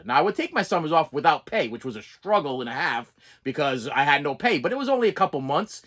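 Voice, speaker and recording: Middle-aged preschool teacher, storytime rant, lively swooping pitch, trips over words. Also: fast talker. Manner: exasperated, repeats words and restarts often.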